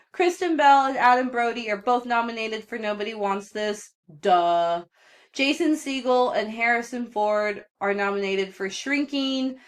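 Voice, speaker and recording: A young woman hosting a solo pop culture podcast, chatting casually in a gossipy way, swearing and laughing often. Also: mid-range voice. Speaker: podcast host.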